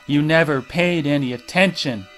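A man voicing a calm, unhinged middle-aged woman killer who speaks in a quiet, bitter, menacing tone. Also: fairly high pitch, a little slow, faint music behind, natural voice.

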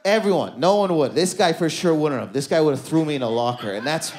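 A man in his thirties doing a stand-up comedy set in a club, loose and conversational, throwing quick asides to the crowd. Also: fairly high pitch, expressive, a little mellow. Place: comedy club stage before a live audience.

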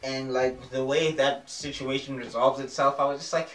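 Man, TV review vlog, excitable, slangy, repeats phrases, roomy echo, distant mic. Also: medium pitch, normal speed, hardly any pauses, faint music behind. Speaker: TV show reviewer.

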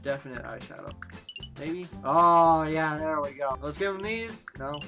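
A woman's voice: low-pitched, unhurried, a bit bright, soft background music. A woman giving playful, jokey commentary while playing a video game. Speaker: let's play gamer. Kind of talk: casual gameplay commentary.

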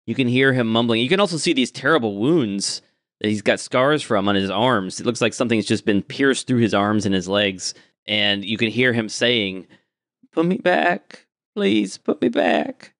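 Low-voiced man narrating as game master. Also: moderate pace, no room sound, clean studio sound. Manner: calm, descriptive narration.

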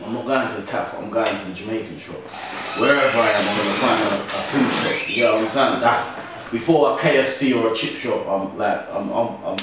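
Echoey young London man, animated talk. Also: lowish voice, background noise. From Britain. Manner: animated, keeps asking "you get what I'm saying?". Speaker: grime MC guest. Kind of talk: casual interview chat. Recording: roomy echo from a distant mic.

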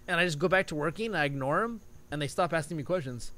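Male co-host, animated storyteller, very expressive pitch, giggles through his own anecdotes. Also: fast. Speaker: podcast co-host. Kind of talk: casual chat.

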